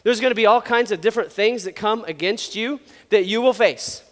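A man preaching a sermon as a pastor, animated and joking, acting out quotes as he goes. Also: high voice, fairly quick, long reverb tail.

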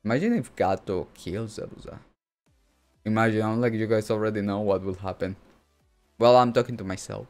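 Excitable man reacting to anime. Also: fairly low pitch, brisk, faint music behind. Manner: excitable, rambling, breaks into laughs and exclamations. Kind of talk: casual reaction commentary.

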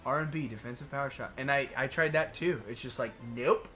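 Bright-voiced frustrated young gamer guy. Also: medium pitch, brisk. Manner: frustrated, swearing, exclamatory. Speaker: let's play co-host. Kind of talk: casual gaming banter. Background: video game music.

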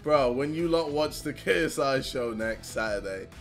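A man's voice: mid-range voice, expressive, moderate pace, faint music behind. Self-mocking young guy vlogging. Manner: self-mocking, laughing and swearing often. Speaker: YouTuber. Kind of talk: casual reaction vlog.

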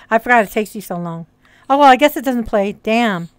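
Woman streamer, mixed hard-to-place accent, fairly high voice, smooth and clear, rambling casual chatter. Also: expressive, normal speed, dry recording. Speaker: streamer and hypnotist. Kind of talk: casual livestream chat. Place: virtual reality social world.

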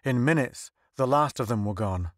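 A man narrates an audiobook in a steady, measured way, with a voice of middle pitch. The recording is dry and close to the mic, with no room sound. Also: no echo. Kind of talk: scripted narration.

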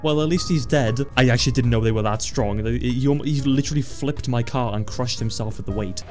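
A man giving excitable let's-play commentary, stammering, swearing and laughing often. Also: mid-range voice, brisk, soft background music. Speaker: gaming channel host.

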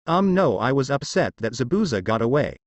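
A man voicing a blunt teenage boy ninja who fires back sharp, cursing retorts in a fanfiction reading. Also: medium pitch, very animated, a little fast, dry recording, muffled recording, lightly acted. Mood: retorting.

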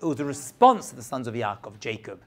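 A man's voice: mid-range voice, sing-song, fast talker, a bit bright. A man teaching a Torah class as a rabbi, asking rhetorical questions and checking that his students follow.

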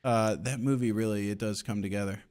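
A man's voice: on the low side, fairly even intonation, brisk, darkish tone. A man co-hosting a podcast in casual chat, telling stories with profanity and laughing asides. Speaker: podcast co-host.

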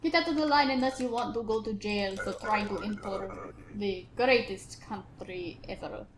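A woman's voice: mid-range voice, normal speed, roomy sound, noisy background, pitched below the performer's own voice, close to an everyday voice. A woman voicing a curt, bossy female border inspector with a vague put-on foreign accent. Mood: stern. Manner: curt, commanding, dismissive.

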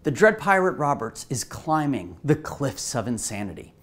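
A woman pastor preaching a sermon in an animated way, asking the listeners rhetorical questions. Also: extremely low pitch, moderate pace.

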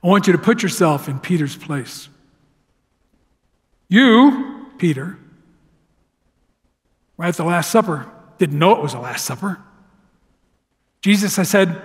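A man preaching a sermon as pastor, telling the story dramatically and swinging from loud to hushed. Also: sits high, expressive, measured pace, long pauses. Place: church sanctuary. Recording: long hall reverb.

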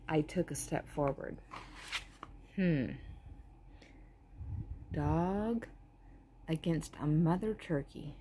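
Slow, mellow-voiced woman reading a kids' story. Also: low voice, a little hiss or hum. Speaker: storybook reader. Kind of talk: children's story read-aloud.

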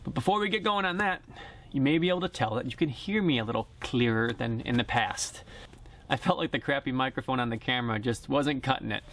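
A man's voice: mid-range voice, a little fast, fairly bright tone, a little hiss or hum. Chatty man reviewing at an outdoor range. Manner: chatty and joking, plain-spoken. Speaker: airgun reviewer. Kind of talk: casual product review vlog. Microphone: camera-mounted directional shotgun mic.

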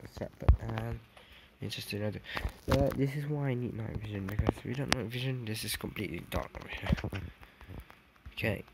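Speaking at a normal pace in a lowish voice, a young man who vlogs about games gives loose walkthrough commentary on a game build. He rambles, corrects himself, and says "dude" often, over a noisy backdrop of hiss and clicks.

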